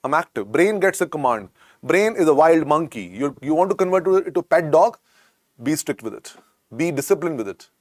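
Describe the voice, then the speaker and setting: A man with an Indian English accent teaches a medical exam class in a fairly high voice with big pitch swings, speaking a little fast with a slightly mellow tone. He repeats key points and keeps coaxing students as "beta" in this lecture. The recording is dry and studio quality.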